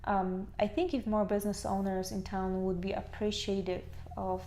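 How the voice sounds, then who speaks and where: A woman co-hosting a casual chat over wine, giving business advice in a relaxed way. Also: medium pitch, normal speed, slight background noise. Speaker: small business owner, co-host.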